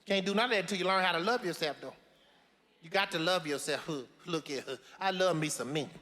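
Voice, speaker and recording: Brassy elderly grandma played by a man, high and bright, sassy folksy drawl, echoey hall. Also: fast, slight background noise. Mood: earnest preaching. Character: brassy elderly Southern grandmother, blunt and preachy. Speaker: advice-giving matriarch. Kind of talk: film comedy-drama acting.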